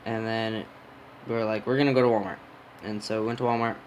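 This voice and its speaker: A man's voice: fairly low pitch, level tone, quick pace, slight background noise, low-quality recording. A young man casually telling a rambling personal story on his podcast, yawning and smacking his lips. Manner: rambling, self-interrupting, yawning and lip-smacking. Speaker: podcast host.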